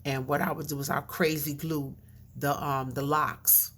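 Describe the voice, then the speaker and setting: A woman's voice: low-pitched, little pitch movement, unhurried, a bit bright. A woman vlogger telling a casual story with lots of fillers and asides, her speech a bit mushy from a chain in her mouth.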